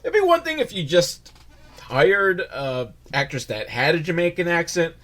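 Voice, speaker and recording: A man's voice: a little high, sing-song, normal speed, fairly bright tone. A man giving a sarcastic, rambling, profane comedic recap of a movie, full of mocking asides. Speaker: movie reviewer.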